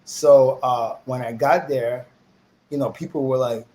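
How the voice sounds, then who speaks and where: A man's voice: mid-range voice, a little slow, slight background noise, rough recording. A middle-aged man, telling his life story as an interview guest and acting out the voices of people he quotes. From New York, USA. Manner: animated storyteller who acts out quoted voices.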